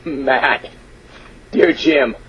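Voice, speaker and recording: A man hosting a radio sports talk show, reading listener emails aloud with amused disbelief and drawn-out emphasis. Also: mid-range voice, huge pitch swings, creaky, a bit bright, muffled recording, a little hiss or hum. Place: radio studio.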